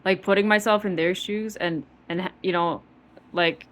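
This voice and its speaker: Heated young woman venting, low-pitched. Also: steady tone, a little slow, fairly bright tone. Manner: profane, heated, heavy use of filler "like". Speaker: vlogger. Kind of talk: angry personal monologue.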